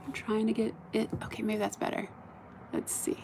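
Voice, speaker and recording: A woman live streaming outdoors at night into a phone on a stand, chatting in a bubbly way and often dropping to a soft murmur. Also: on the high side, completely flat delivery, normal speed, creaky, background noise. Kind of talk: casual live stream chat. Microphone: phone camera on a stand.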